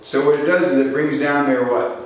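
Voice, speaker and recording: In a mid-range voice at normal speed, a sales trainer teaches a live seminar. He tells stories with energy, voices the characters himself and asks the audience questions. The sound has a slight background noise, picked up by a faraway mic in a hall with echo.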